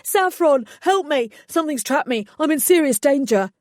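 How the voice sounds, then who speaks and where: A woman's voice: a little fast, a little mellow, dry recording, clean studio sound, close to an everyday voice. A woman voicing a vain, panicky young male fairy who wails melodramatically. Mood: panicked. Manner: shrill melodramatic wailing.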